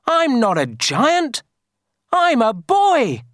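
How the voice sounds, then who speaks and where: A woman's voice: sing-song, a bit bright, slightly rough, no echo, clean studio sound, exaggerated voice. Kipper, a small upset boy, voiced by a woman. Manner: high, childlike, slowed.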